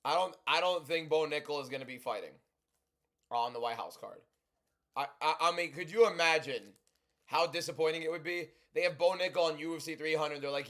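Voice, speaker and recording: Loud, chatty young man on a livestream. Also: on the high side, brisk. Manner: loud, chatty, reads and answers chat. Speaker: livestream host. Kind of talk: casual livestream commentary.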